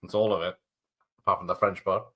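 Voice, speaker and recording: A man casually commenting on a movie during a live watch-along, jokey and quick to laugh, describing what happens on screen. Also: low voice, little pitch movement, fairly bright tone.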